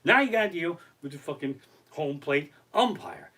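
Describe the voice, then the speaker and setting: Profane, animated man ranting. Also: fairly high pitch, normal speed. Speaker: comedian. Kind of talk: live-streamed stand-up rant. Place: his living room.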